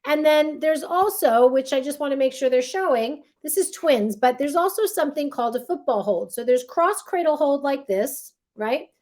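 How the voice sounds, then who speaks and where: A woman's voice: high voice, animated, normal speed, few pauses, darkish tone. A woman teaching a baby care class, explaining step by step and checking in with her listeners through frequent tag questions as she demonstrates. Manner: demonstrates holds while talking.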